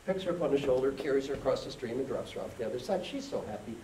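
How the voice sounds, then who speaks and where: A man gives a motivational keynote and leads the crowd in call and response. His pitch swings widely. He sounds distant in an echoey hall, over faint background noise. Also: lively intonation, quick pace, few pauses, dark tone. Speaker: keynote speaker. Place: conference hall with an audience.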